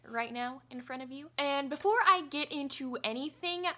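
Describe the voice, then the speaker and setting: Young woman, giddy book vlogger, bright and slightly high-pitched, chatting to camera at home. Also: moderate pace. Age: young adult. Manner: giddy, gushing, talks with laughs and repeats. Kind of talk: casual vlog chat. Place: apartment room, indoors.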